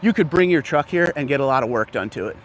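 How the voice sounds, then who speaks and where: A man's voice: medium pitch, lively intonation, fast. A man hosting a casual live stream, walking through an outdoor dealership lot and greeting viewers by name, a little out of breath from walking. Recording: faint outdoor background noise.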